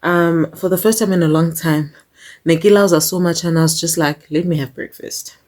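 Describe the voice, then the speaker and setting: A woman's voice: fairly low pitch, normal speed, a little mellow. A young woman chatting casually to her vlog viewers, slipping into local-language phrases and laughing often. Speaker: vlogger. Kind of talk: casual chat.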